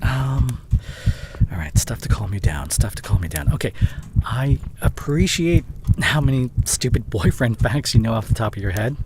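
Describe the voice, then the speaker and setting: A man voices a loving but short-tempered, overworked young boyfriend in a roleplay drama, addressing the listener intimately with strong emotion that's panicked yet soothing. His natural, mid-range voice is expressive and moderately paced, captured on a close studio condenser mic in a very noisy recording.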